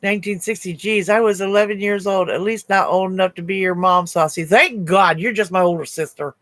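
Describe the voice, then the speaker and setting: Her voice is mid-range, a bit bright, and fairly quick, captured in a dry recording. She's a woman in her sixties running a crochet livestream, chatting stories to viewers, laughing a lot, and replying to chat comments.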